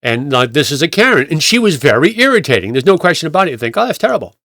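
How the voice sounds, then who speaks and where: A male pastor talks his way through anecdotes in a loose, conversational manner, restarting sentences as he goes. His voice sits a little high for a man. The recording is dry and close. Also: sing-song, fast talker, bright, forceful tone, no echo. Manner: rambling, retells clips with acted quotes, many restarts. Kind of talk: conversational sermon storytelling.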